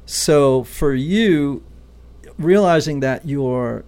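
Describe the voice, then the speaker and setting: Gravelly-voiced man explaining patiently. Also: mid-range voice, drawn-out words, darkish tone. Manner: teacherly, checks in with "right?". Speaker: podcast host and Enneagram teacher. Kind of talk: explanatory interview talk.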